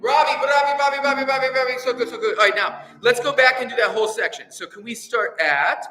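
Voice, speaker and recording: Male choir conductor, high and bright, energetic coaching with sung pitches, booming hall reverb and faint instrument behind. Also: brisk, faint music behind. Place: rehearsal hall. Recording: echoey hall with long reverb.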